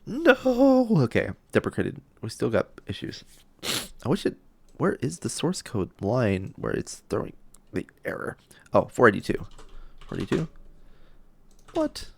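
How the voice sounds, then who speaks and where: Low gravelly guy thinking out loud while coding on stream, muttering, lively ups and downs, keys clacking behind. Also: normal speed. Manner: thinking aloud, muttering to himself, drops into whispers; self-deprecating, loopy. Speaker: game developer streaming live coding. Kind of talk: live-stream coding talk.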